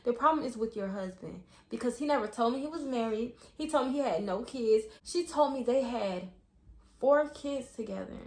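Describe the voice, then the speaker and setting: Young woman, animated and profane storytime vlogger, slightly high voice, echoey room. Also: moderate pace. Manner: animated, profane, acts out quotes. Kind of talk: storytime vlog.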